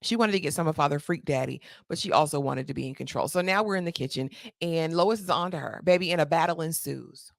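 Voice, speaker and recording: A woman's voice: sits low, quick pace, vocal fry, few pauses, no echo, clean studio sound. A woman recapping a TV episode in a sassy, chatty way with slangy asides. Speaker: TV recap host.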